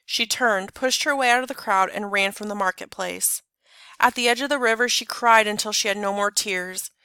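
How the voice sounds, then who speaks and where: A woman reading a children's story aloud in an expressive, clear narrating voice. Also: medium pitch, normal speed, no room sound. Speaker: storybook reader. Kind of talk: scripted narration.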